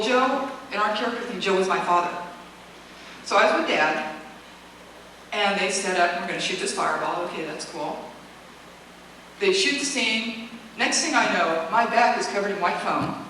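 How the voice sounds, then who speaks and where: A woman at a convention Q&A telling set stories in a casual, animated way, laughing often and acting out quotes. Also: medium pitch. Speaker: convention guest speaker. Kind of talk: casual storytelling Q&A. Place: convention hall. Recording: echoey hall recorded from far off, noisy.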